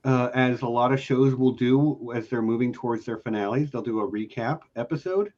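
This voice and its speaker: A man's voice: mid-range voice, normal speed, darkish tone. A man co-hosting a casual podcast discussion as a long-time fan, talking in an eager, emphatic way. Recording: dull lo-fi audio.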